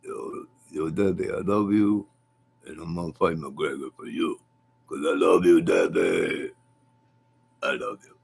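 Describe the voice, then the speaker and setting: A man putting on a low, mumbled, slurred voice as a tough street boxer who is lovestruck. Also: expressive, measured pace, vocal fry, pauses often, a little mellow, husky, heavily acted. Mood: lovestruck mumbling.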